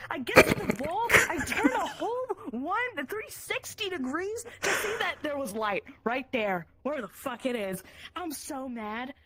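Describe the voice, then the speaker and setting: A young adult woman playing her character in a tabletop game, muttering, swearing and breaking into teary shouts. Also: very high-pitched, noisy background. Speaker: player. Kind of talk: in-character tabletop role-play.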